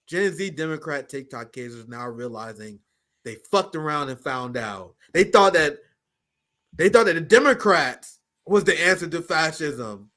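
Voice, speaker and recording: A man's voice: on the high side, bright, forceful tone. A man hosting a live political talk show, blunt and profane, riffing animatedly and handing over to a co-host. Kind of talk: casual political commentary.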